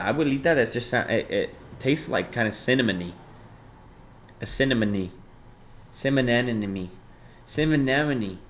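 A young man hosting a live stream, reading chat aloud and thanking viewers, jumping between loud bursts of excitement and low mumbled asides. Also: slight background noise. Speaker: livestreamer.

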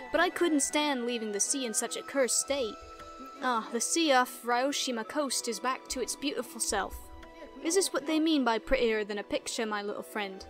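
Woman putting on a sly young man with a British accent, teasing, theatrical, high voice. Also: natural voice. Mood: smug. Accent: British put-on. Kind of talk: reading game dialogue aloud.

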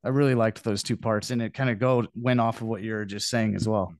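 A man's voice: lowish voice, steady tone, a little fast, no echo. A man co-hosts a podcast in a casual, friendly manner. His voice is recorded dry, with no room sound. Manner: casual, reading quotes aloud. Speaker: podcast co-host. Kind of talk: casual interview chat.

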